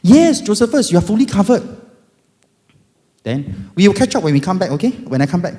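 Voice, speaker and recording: Man doing a high, upbeat young agent, Singaporean accent, brisk, big reverberant hall. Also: big pitch swings, dark tone. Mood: cheery. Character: chirpy young male insurance agent.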